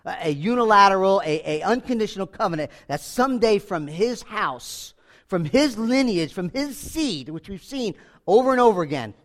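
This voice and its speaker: High-voiced animated preacher man. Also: normal speed. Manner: animated, acts out voices of biblical figures. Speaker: pastor. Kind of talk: sermon.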